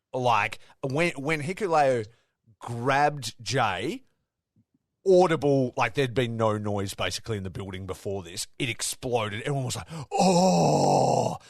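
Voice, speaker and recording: A man co-hosting a casual wrestling podcast, telling stories with excitement, swearing often and acting out what others said. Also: medium pitch, no echo, clean studio sound. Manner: excitable storytelling, swears a lot, acts out quotes. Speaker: podcast co-host.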